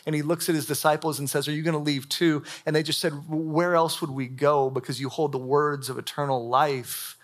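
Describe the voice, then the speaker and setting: Young male pastor, slightly high voice, casual and animated sermon delivery in a church hall. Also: brisk, hardly any pauses. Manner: casual, animated preaching with frequent "like" fillers. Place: church hall before a live audience.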